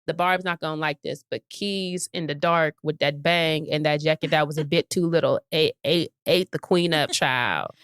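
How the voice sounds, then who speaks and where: A woman's voice: low-pitched, normal speed, hardly any pauses, clean tone, dry recording. A woman co-hosting a podcast, reading listener comments aloud in casual chat and laughing often. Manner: animated, laughs often, playful. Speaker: podcast co-host.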